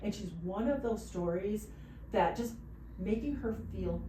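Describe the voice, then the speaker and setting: A woman who owns a bridal boutique, telling stories in a casual podcast chat with excited bursts. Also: medium pitch, measured pace. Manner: animated storyteller, excited bursts. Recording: roomy, distant mic with faint noise.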